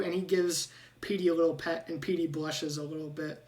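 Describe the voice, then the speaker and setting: A woman's voice: deep voice, fairly even intonation, a little fast, a little mellow, distant mic. A woman narrating a tabletop game as game master in a playful way.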